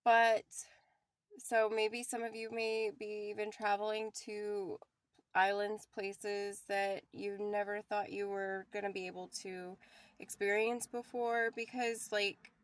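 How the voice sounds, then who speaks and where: A woman's voice: mid-range voice, flat delivery, slow pace, no echo. A young woman giving a casual, rambling spiritual card reading to her viewers, emotional and laughing often. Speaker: tarot reader.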